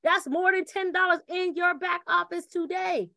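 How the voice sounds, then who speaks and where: Woman pitching a money deal, very high voice, dry close sound, acts out chats with "girl" and "ching ching". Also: normal speed, vocal fry, no room sound. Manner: lively, repeats catchphrases, acts out little dialogues. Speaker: presenter pitching a referral program. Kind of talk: energetic sales pitch.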